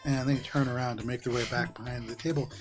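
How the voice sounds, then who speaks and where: A man running a tabletop game as game master, narrating scenes in a relaxed, descriptive way with frequent ums. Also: medium pitch, fast, over music.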